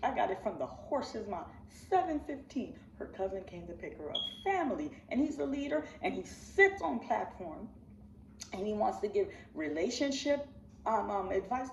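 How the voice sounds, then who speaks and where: A woman's voice: mid-range voice, big pitch swings, moderate pace, vocal fry, slight background noise. A woman vlogger speaking with raw, repetitive intensity, calling her viewers family and pleading with them. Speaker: channel host. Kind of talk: emotional direct-to-camera vlog. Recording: roomy, distant, slightly dull sound.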